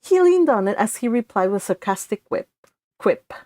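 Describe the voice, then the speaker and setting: A woman's voice: mid-range voice, very animated, moderate pace, mellow, no room sound. A woman reading her own fan fiction aloud, narrating steadily in a read-along with occasional slips.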